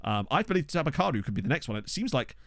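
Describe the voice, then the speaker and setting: A man giving casual, excitable let's-play commentary, chatting to his viewers from a desk mic. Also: medium pitch, fast, no room sound, clean studio sound. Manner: chatty, excitable, talks to chat. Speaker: game streamer. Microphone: desktop USB microphone.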